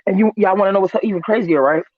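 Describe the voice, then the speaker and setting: A man's voice: high voice, racing, dry recording. A man from California, co-hosting a casual live show, telling stories animatedly and acting out the voices of other people. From Northern California. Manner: animated storyteller, acts out quotes, swears freely. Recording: tinny phone-like line.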